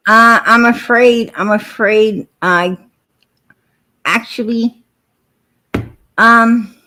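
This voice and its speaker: A woman's voice: a little high, fairly even intonation, extremely slow, sharp tone, a little hiss or hum. A woman hosting a livestream, telling stories and arguing with viewers in a blunt, profane way. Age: adult with four kids. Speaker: livestream host. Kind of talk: casual livestream talk.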